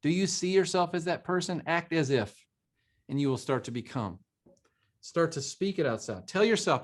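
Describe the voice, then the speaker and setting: A man's voice: on the high side, expressive, moderate pace. Brief: man with a raised voice, preachy motivational co-host, drives points home through repetition. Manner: emphatic, preachy, quotes scripture; repeats phrases for emphasis. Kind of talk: motivational talk show.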